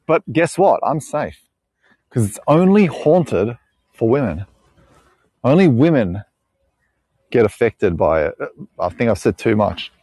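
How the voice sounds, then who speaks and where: Very animated yet a little slow, with long pauses, this Australian live-stream tour guide rambles and laughs his way along a bush walk. His medium-pitched voice is mellow and husky, with no echo.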